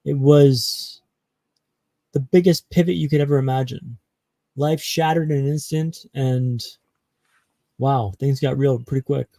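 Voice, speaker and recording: A man from Canada, a podcast guest, telling his own story with dramatic pauses. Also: mid-range voice, fairly even intonation, warm tone, no echo, poor audio. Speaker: guest speaker.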